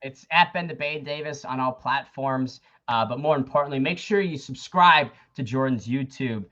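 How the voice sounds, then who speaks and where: An American man talks bluntly and casually as a podcast guest, swearing freely and poking fun at himself. His voice sits at an ordinary middle pitch for a man. The sound comes through a little dull and lo-fi, like a remote call. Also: normal speed, a bit bright. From United States. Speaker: guest, MMA commentator.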